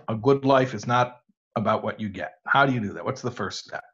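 Husky-voiced rabbi lecturing, dull lo-fi sound. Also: male voice, on the low side, normal speed, a bit bright. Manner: explaining step by step, asking and answering his own questions. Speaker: rabbi giving a talk to students. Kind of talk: lecture with audience questions.

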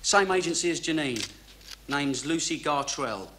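A man's voice: on the high side, lively intonation, unhurried, a bit bright, slight background noise. An actor playing an evasive, defensive male fashion photographer in a 1980s crime drama. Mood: grudging. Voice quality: grudging, defensive.

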